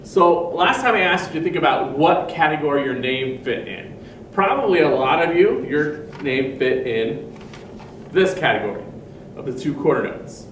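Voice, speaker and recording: A man teaching a music lesson to children, his voice a little high and patient as he explains step by step and chants rhythm syllables. He sounds set back from the mic in an echoey room with a faint hum of ambience behind him. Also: lively intonation, normal speed, fairly bright tone, recorded from a distance.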